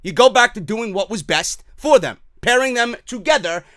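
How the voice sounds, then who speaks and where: A man's voice: high-pitched, expressive, normal speed, a bit bright, no echo. A man with a New York accent hosting a wrestling talk show, giving blunt, profane, emphatic opinions in casual commentary.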